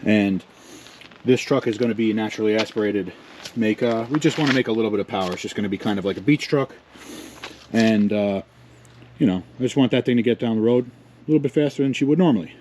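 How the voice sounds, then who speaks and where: Filming in his home garage and shed, a channel host in his thirties talks fast in a fairly low, darkish voice into the camera mic. Slightly winded, he rambles along with self-mocking jokes over a faint background hiss.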